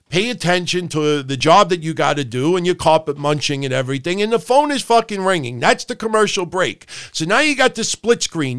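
A man's voice: high-pitched, a bit bright, smooth, no echo, clean studio sound. A man hosting a wrestling podcast, ranting profanely and animatedly, with mocking impressions of other people. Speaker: podcast host.

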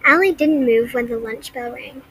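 A woman's voice: on the high side, moderate pace, fairly bright tone, slightly rough, rough recording. Woman reading a novel aloud. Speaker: audiobook reader.

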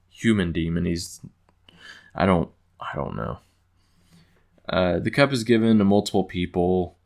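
A man casually recapping an episode in a rambling, amused way with lots of fillers. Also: low voice. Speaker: show recapper.

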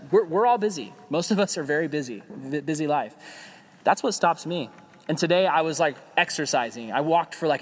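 Young man, youth pastor, casual sermon, conversational, slightly high voice, long hall echo. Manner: conversational, animated, acts out quoted voices.

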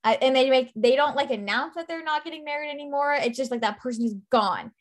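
A young woman co-hosting a casual podcast, animated and gossipy. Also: sits high, fast talker. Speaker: podcast co-host. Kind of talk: casual chat.

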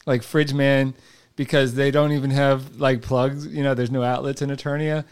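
A man's voice: medium pitch, level tone, moderate pace, smooth. A man co-hosting a podcast in casual chat, rambling, laughing often and acting out silly made-up scenes. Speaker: podcast co-host.

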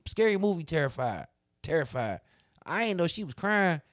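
A man casually telling a story in a lively, profane, drawling way. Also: a little high, moderate pace, no room sound, clean studio sound.

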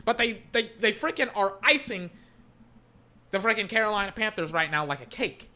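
Profane ranting football fan with a bright voice. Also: medium pitch, moderate pace. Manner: profane, ranting, yelling at referees. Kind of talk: live game reaction commentary.

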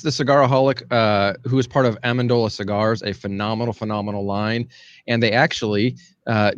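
Brief: relaxed male host, mid-pitched, slightly muffled lo-fi mic, dry close sound. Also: no room sound. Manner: easygoing, upbeat, runs the show. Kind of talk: casual live-stream chat.

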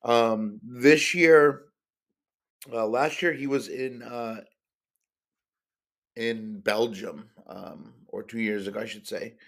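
A man's voice: mid-range voice, takes it slowly, pauses often. A man hosting a solo podcast, talking casually about soccer players, rambling with many fillers and stopping to correct himself. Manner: rambling, many ums and uhs, self-correcting. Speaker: podcast host. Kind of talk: casual solo sports-card podcast talk.

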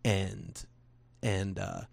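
A man's voice: low-pitched, huge pitch swings, extremely slow, creaky, darkish tone, no echo. A man earnestly telling a personal faith story in casual conversation, rambling with restarts and slipping into quoted voices.

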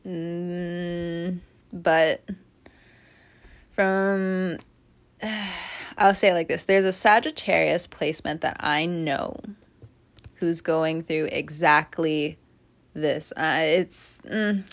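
At home indoors, a woman gives a relaxed spoken tarot reading, chatty and animated, laughing often. Her voice sits fairly low, and she stretches out words and pauses frequently.

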